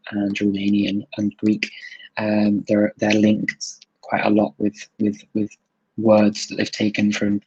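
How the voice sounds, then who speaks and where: Gravelly low-voiced man on a live Q&A. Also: no echo, muffled recording. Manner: thoughtful, fillers, switches between languages. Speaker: host answering viewer questions. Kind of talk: live Q&A chat.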